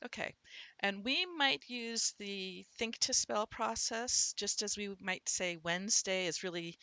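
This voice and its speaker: Bright, dry-voiced woman teaching phonics. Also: mid-range voice, no room sound. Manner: thinks aloud, sounds words out slowly. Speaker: literacy instructor. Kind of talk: explanatory teaching talk.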